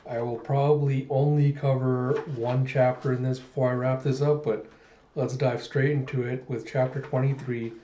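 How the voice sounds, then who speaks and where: Chatty man with a mellow voice. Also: mid-range voice, moderate pace, a little hiss or hum. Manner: animated, chatty. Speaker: manga reader. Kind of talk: casual comic readthrough. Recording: muffled, echoey room.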